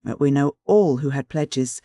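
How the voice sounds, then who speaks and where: A man voicing a middle-aged male investigator who speaks calmly, coldly and with faint irony. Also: mid-range voice, unhurried, no room sound, studio quality, close to an everyday voice. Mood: cool. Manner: calm, cold, faintly ironic.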